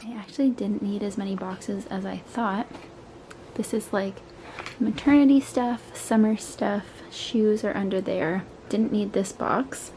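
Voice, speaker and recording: A young woman talks through her day in a relaxed, chatty vlog, leaning on "like" as she goes. She's recorded at home on the camera's own mic. There's a clear hum of background noise behind her. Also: mid-range voice. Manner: chatty, lots of "like" fillers. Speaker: vlogger. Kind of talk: casual vlog chat.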